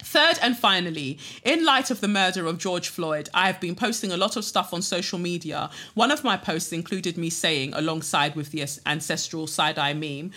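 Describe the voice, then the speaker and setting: A woman hosting a podcast, reading a listener's letter aloud with expressive delivery and dry asides. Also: on the low side, moderate pace, hardly any pauses.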